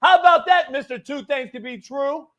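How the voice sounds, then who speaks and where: High-voiced man ranting about sports. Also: moderate pace. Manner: loud, profane, goading. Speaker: host. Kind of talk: heated sports debate.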